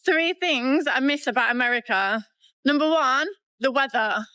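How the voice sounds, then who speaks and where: High bright woman moaning to camera about missing stuff, crisp dry sound. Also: moderate pace. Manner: wistful and complaining. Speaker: vlogger. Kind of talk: to-camera complaint vlog.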